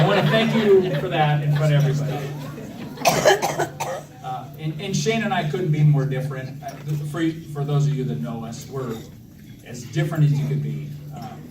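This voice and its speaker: Heavy background noise surrounds a man in his thirties whose voice sits on the high side as he gives a joking, self-deprecating speech for his brother's wedding. He often restarts and uses fillers, and the echoey reception hall is heard from a distance over loud crowd sound.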